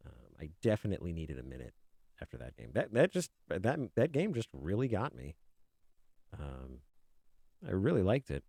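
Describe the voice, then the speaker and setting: A man streaming video games, chatting casually and mocking himself while he mutters at his software. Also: sits low, huge pitch swings, normal speed, gravelly, slightly rough, no echo, studio quality. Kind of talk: casual game stream chat.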